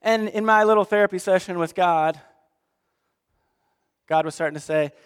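Man, pastor, sermon, high voice, animated, reverberant hall. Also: moderate pace, clean tone. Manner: animated, swings from hushed to fired-up.

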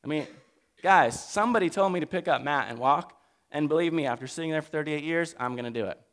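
Male pastor, high voice, animated and humorous sermon delivery. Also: quick pace.

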